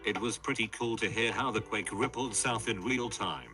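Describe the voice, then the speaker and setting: A synthetic male voice reads forum stories aloud, pitched a little low. The delivery stays flat and even throughout, with music playing clearly beneath him. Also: normal speed. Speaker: narrator reading forum posts. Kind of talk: text-to-speech story reading. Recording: background music under voice.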